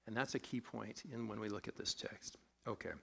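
A man's voice: on the low side, flat delivery, fairly quick, vocal fry, pushed and bright, breathy edge. A man preaching a sermon, conversational and self-deprecating, with a sore throat, asking his congregation questions as he goes. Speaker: pastor.

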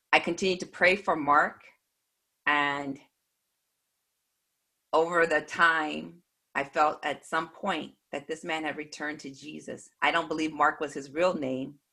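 A woman earnestly recounting a personal faith testimony in a measured way. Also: low voice, gravelly, sharp tone, breathy edge. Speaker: speaker giving a faith testimony.

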